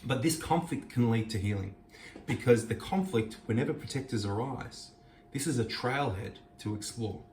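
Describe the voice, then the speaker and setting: A man's voice: medium pitch, moderate pace, a little mellow, a little hiss or hum. A man giving an earnest, reflective talk on a scripture passage, reading Hebrew verses and explaining them. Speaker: host. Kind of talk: reflective Torah teaching. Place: kitchen. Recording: echoey room, mic at a distance.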